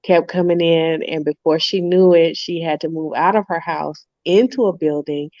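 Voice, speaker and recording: Animated woman telling stories over a muffled call. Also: sits low, normal speed, dry recording. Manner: lively storyteller, acts out quoted voices, laughs often. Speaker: guest author and entrepreneur. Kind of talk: casual interview chat.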